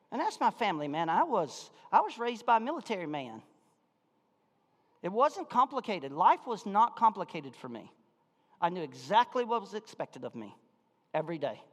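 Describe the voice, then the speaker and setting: A man preaching a sermon as pastor, telling a personal story, moving between hushed reflection and loud excitement. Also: sits high, big-room sound.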